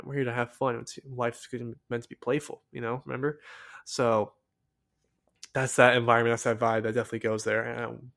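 A young man from the United States hosting a solo podcast, rambling excitedly with many fillers and restarts in a casual monologue. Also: mid-range voice, gravelly. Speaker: podcast host.

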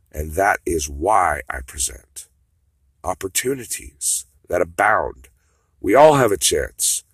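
Rambling profane monologue, man with a low husky voice, muttering then flaring up. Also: no echo. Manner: rambling, profane, swings between mutters and outbursts.

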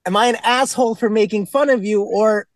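Young man, high voice, dry close sound, blunt profane storyteller, podcast co-host. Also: a little fast, no echo. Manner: blunt, profane storytelling, acts out kids' lines. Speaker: podcast co-host, substitute teacher. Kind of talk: casual podcast chat.

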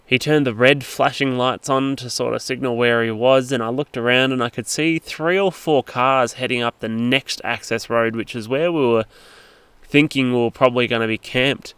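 A man's voice: medium pitch, steady tone, normal speed, a bit bright, clear, resonant tone, no room sound. A man casually narrating a travel story, rambling along with frequent fillers and restarts. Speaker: travel vlogger.

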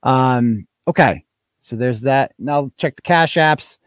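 A man's voice: mid-range voice, slow, clear, resonant tone, no echo. A man hosting a live stream, chatting casually and reading out donation messages with loose, crude jokes. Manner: loose, joking, crude asides. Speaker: host.

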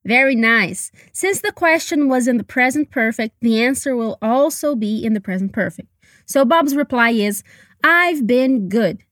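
Woman teaching english, high voice, super dry close sound, slow careful repeat-after-me drills. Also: fairly bright tone, no echo. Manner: slow, careful, encouraging pronunciation coaching.

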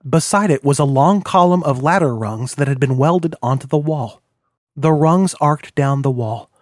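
A man reading an audiobook in a measured, descriptive manner. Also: on the high side, lively intonation, a little mellow, no echo, clean studio sound. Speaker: audiobook narrator. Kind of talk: scripted narration.

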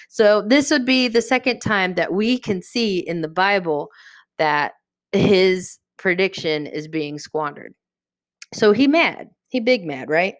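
A woman hosting a podcast, teaching a casual Bible study in a lively, chatty way and acting out the characters. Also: on the low side, unhurried, no room sound, clean studio sound. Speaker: podcast host.

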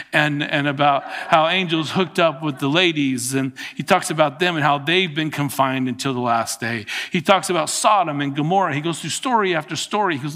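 A man's voice: on the high side, pushed and bright. A man preaching a sermon as pastor, reading scripture aloud and pleading earnestly with his congregation. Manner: reads scripture aloud with asides.

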